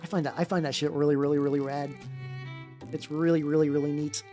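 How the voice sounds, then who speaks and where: A woman's voice: low-pitched, level tone, quick pace. A woman VTuber chatting casually on a live stream while she paints miniatures, rambling with many fillers and self-interruptions, with what she calls a nerdy voice. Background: faint background music.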